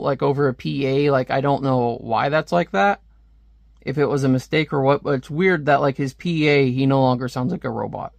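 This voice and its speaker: A man's voice: on the high side, vocal fry, dry recording. A man casually reviewing a comic book, rambling and sarcastic as he reads panels aloud.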